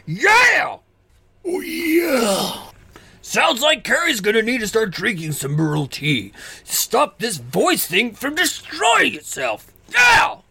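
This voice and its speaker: A woman voicing a showy male wrestling ring announcer with drawn-out, hyped delivery. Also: a little high, very animated, creaky, bright, forceful tone, husky, voice pushed up, full character voice. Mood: excited.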